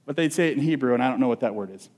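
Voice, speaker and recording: A male pastor preaching a sermon in a relaxed, conversational and humorous way, often asking the audience questions. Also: medium pitch, rapid-fire.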